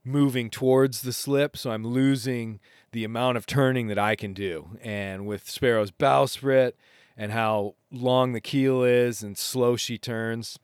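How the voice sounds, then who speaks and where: A man hosting a podcast, casually retelling an adventure in a rambling, animated way with self-interrupting restarts. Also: medium pitch, smooth, no echo, studio quality. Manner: rambling, animated retelling with laughs and acted quotes. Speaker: podcast host. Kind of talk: casual storytelling monologue.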